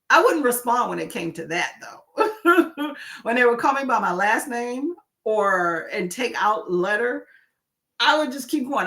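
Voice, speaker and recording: A woman hosting a livestream, chatting casually with viewers and telling stories in an animated way. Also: on the high side. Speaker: livestream host; nurse.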